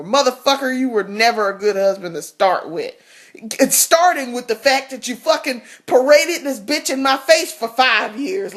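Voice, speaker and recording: A woman vlogger telling a story in a casual, blunt rant, swearing freely and laughing often. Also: on the high side.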